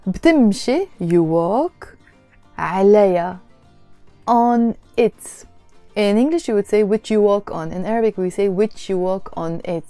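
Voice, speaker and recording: A woman giving a casual language lesson, patiently explaining and repeating each phrase slowly. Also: mid-range voice, mellow, no room sound. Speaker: Arabic teacher.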